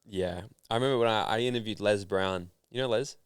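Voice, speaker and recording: An Australian man telling stories in a casual interview, animated and full of fillers. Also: on the low side, a little fast, clear, resonant tone, dry recording, studio quality. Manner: animated storyteller, filler-heavy. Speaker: podcast guest, founder and speaker.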